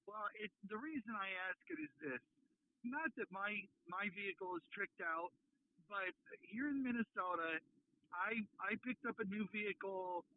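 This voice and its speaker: Male radio caller, high and animated, thin phone-line sound. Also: normal speed, no echo. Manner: chatty, expressive, stretches words for effect. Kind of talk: casual radio chat. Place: Minnesota.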